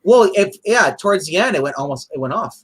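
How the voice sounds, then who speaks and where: A man co-hosting a casual comic review chat, excitable and rambling, often restarting his sentences. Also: high voice, fairly quick, husky.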